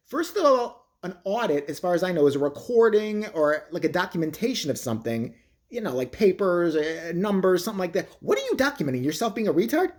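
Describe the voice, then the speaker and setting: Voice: mid-range voice, sing-song, fairly quick, darkish tone. A vlogger ranting crudely and mockingly, swearing often in a comedic monologue. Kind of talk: profane comedic rant.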